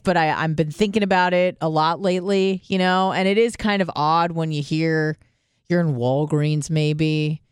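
A man's voice: fairly high pitch, clear, resonant tone, no echo, clean studio sound. A man in his thirties hosting a call-in show, chatting casually with lots of swearing and big swings in delivery. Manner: animated, swearing, laughs at his own stories. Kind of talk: casual profane call-in chat.

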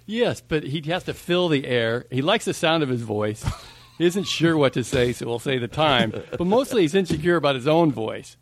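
Male co-host, dry amused banter, animated pitch. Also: normal speed. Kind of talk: comedic banter.

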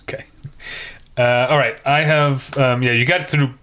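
A man co-hosting a relaxed podcast, talking in an easygoing way at a middle pitch. He laughs often and slips into quoting characters as he recaps scenes. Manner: chatty, quick to laugh, quotes lines. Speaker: podcast co-host. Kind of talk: casual TV recap chat.

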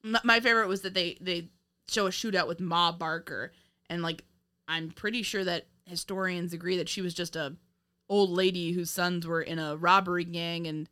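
A woman's voice: lowish voice, steady tone, moderate pace, bright, forceful tone, clean tone. A woman co-hosting a casual film review podcast, rambling with many fillers and restarts and laughing often. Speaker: podcast co-host.

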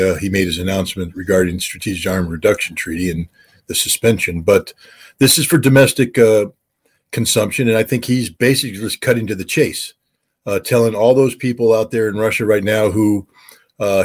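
A former weapons inspector offers expert commentary as an interview guest. His voice is lowish and husky, and he halts with many fillers but becomes lively when quoting others.

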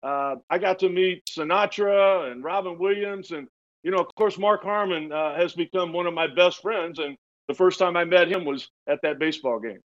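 A man in his sixties, a retired pitcher, telling lively stories in an interview, often laughing and restarting his words. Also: moderate pace. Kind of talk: storytelling in casual interview. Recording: dull lo-fi sound.

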